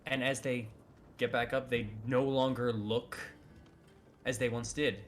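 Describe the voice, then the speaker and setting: Game master narrating casually. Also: male voice, medium pitch, fairly even intonation, unhurried, slight background noise. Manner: loose, hedging narration full of "kind of".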